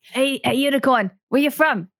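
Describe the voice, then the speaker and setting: A woman's voice: high voice, moderate pace, fairly bright tone, dry recording, clean studio sound. A woman playing a tabletop game, chatting and joking in character. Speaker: tabletop player.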